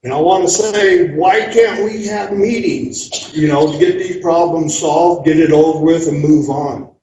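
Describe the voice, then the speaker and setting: A man's voice: fairly high pitch, a little slow, dark tone, a little hiss or hum. An older man giving blunt, exasperated public comment at a town meeting. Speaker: resident speaking at a public meeting. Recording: roomy, dull, distant hall recording.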